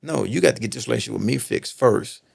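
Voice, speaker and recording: On a relaxed podcast, this middle-aged man from Texas earnestly shares his own stories, driving points home through repetition and tossing in "right?" to check in. He talks fast with lively intonation, and his mid-range voice is husky with vocal fry.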